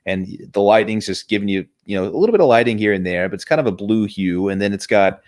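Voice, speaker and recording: A man's voice: lowish voice, quick pace, a little mellow. A man hosting a casual movie review chat, enthusiastic and rambling, often restarting his sentences.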